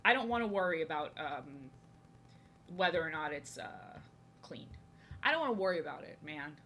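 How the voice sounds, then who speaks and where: Young woman, from New Jersey, bright clear voice, casual rambling chat, repeats herself. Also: low voice, animated, normal speed, a little hiss or hum. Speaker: art streamer. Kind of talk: casual chat while drawing.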